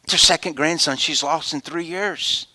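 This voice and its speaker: Man, pastor, sermon storytelling, high voice, whispers then loud exclamations. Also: moderate pace, no room sound. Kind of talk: sermon with told stories.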